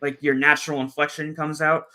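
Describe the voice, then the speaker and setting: A man's voice: fairly high pitch, level tone, brisk, sharp tone. A man from Massachusetts hosting a podcast in an easygoing, rambling way. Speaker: podcast host. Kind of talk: casual podcast chat.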